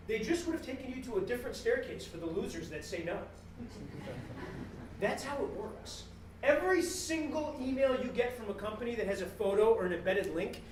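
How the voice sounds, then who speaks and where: A man giving a joking, animated business keynote to a live audience, acting out customer exchanges as he goes. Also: extremely high pitch, slight background noise. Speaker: guest speaker at a business talk series. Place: event room with a live audience. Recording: echoey room, mic at a distance.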